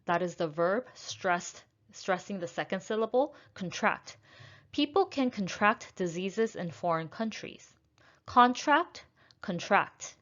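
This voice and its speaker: A woman teaching English pronunciation, speaking slowly and carefully and repeating each word twice so it can be heard. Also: medium pitch, lively intonation, highs cut off. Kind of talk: pronunciation lesson.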